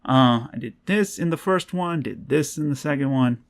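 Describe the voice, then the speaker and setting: A man's voice: on the high side, normal speed. A young man vlogging a casual, rambling recap, swearing freely and laughing as he acts out quotes.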